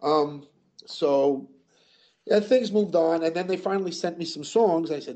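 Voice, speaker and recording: A man's voice: on the high side, a little slow, warm tone. An older man telling stories in a casual interview, rambling with lots of "you know" and restarts. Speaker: guest musician.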